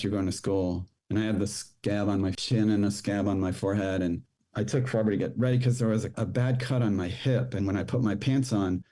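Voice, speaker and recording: A middle-aged man, a podcast guest, telling a personal story in a rushed, halting way with many restarts. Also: fairly low pitch, warm tone.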